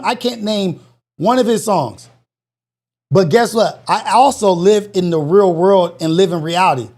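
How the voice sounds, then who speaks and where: A man's voice: high-pitched, darkish tone. A man hosting a live call-in show, ranting in a blunt, incredulous way and swearing freely.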